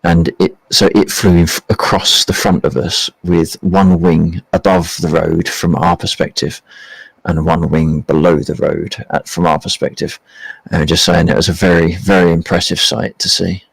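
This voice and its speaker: A man on a casual stream chat, explaining something carefully and haltingly. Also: sits low, little pitch movement, gravelly, slightly rough, no room sound, poor audio. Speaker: stream guest.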